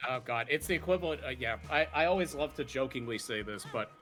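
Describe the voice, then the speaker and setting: A man's voice: mid-range voice, animated, quick pace. A young man hosting a live stream, chatting casually and animatedly, swearing and laughing often. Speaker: streamer host.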